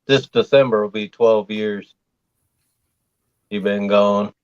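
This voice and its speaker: Man with a lowish voice, relaxed and sympathetic, dull lo-fi audio. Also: slow pace, slight background noise. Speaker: chat participant. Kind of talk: casual chat. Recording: dull lo-fi sound, dry.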